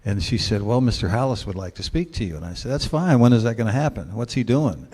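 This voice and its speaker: A man's voice: on the low side, lively intonation, fast talker, darkish tone, husky. A man in his sixties, a guest speaker telling a long, wry story to a luncheon club in a laid-back way.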